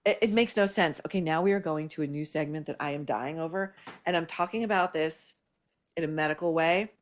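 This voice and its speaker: A woman's voice: sits low, brisk. A woman hosting an opinion show, blunt and scathing in her sarcastic commentary. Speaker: podcast host.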